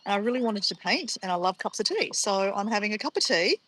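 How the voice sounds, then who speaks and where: A woman's voice: medium pitch, expressive, fast talker, fairly bright tone. An Australian woman chatting casually to livestream viewers outdoors by a pond, easily sidetracked and calling her viewers guys. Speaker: livestream vlogger.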